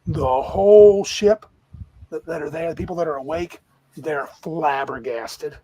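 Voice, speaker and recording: A man narrating a tabletop game as game master, his voice slightly husky and pitched a bit high. He describes scenes in a lively, rambling, descriptive way. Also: measured pace, rough recording.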